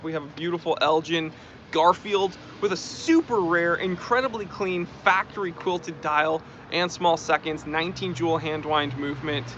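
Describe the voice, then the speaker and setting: Guy chatting on a live stream reading comments, bright tense voice, kinda dull lo-fi audio. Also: sits high, a little hiss or hum. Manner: chatty, reads out viewer comments and thanks them. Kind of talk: casual live-stream chat.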